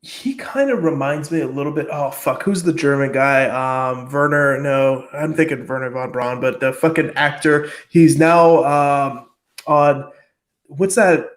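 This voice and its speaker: Rambling, swearing man, slightly high voice. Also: a little slow. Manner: rambling, swears often, many fillers. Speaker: podcast host. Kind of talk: casual chat.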